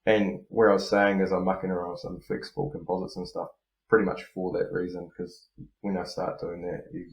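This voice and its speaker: A man, a motocross rider appearing as a podcast guest, chats casually in a laid-back, rambling way packed with fillers. His voice is low and flat and fairly quick, with roomy echo and a little hiss or hum in the recording.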